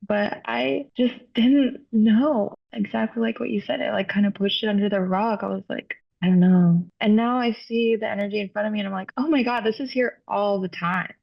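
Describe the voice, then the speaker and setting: A woman in a spiritual session, talking in a halting way, full of "like" fillers. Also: mid-range voice, fairly even intonation, gravelly, highs cut off. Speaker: client. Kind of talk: casual emotional conversation.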